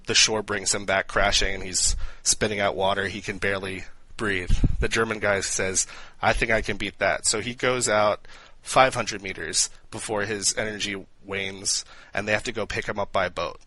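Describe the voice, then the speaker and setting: A man co-hosting a podcast, chatting casually and telling jokes in a lively way with lots of fillers. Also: on the low side, rough recording. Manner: animated joke-telling with frequent fillers. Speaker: podcast co-host.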